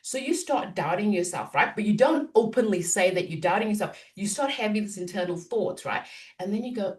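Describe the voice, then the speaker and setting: Animated woman coach, distant from mic. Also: mid-range voice, brisk. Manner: animated, acts out inner self-talk. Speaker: business coach guest. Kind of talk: conversational podcast interview.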